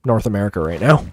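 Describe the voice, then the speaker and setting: A man's voice: on the low side, a little mellow, husky, dry recording. Rambling man chatting while gaming. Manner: rambling, many fillers, chuckles often; chats with viewers while playing. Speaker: live streamer. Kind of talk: casual gameplay commentary.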